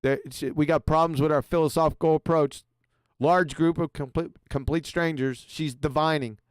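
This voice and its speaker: A man's voice: a little high, fairly even intonation, normal speed, clean tone, no room sound, studio quality. A man hosting a show, mocking a video in abrasive, profane commentary. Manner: sarcastic, abrasive, swears a lot. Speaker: show host reacting to a video.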